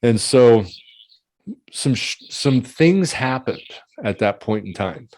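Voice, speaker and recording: A man hosting a conversation, telling his own story in a candid, chatty way, with laughs and throat-clearing. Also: mid-range voice, animated, slow pace, darkish tone, no echo. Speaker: podcast host.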